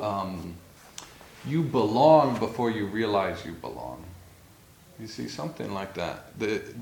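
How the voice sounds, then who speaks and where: A man's voice: lowish voice, slight background noise. A man giving an informal spiritual talk as a teacher, reflective and storytelling, laughing now and then. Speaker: meditation or yoga teacher. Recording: echoey room with faint ambience.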